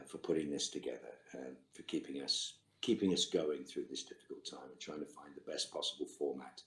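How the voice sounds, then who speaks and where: Extremely low in pitch and darkish in tone, this middle-aged man's voice answers fan questions on a video-call Q&A. The actor reads each question aloud and replies with short, dry quips. The recording has a roomy echo.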